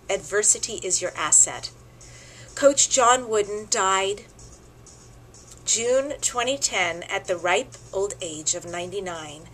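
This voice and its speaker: A middle-aged woman hosting a show, telling a heartfelt tribute story with expressive, emotional delivery. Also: mid-range voice, low-quality recording. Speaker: host.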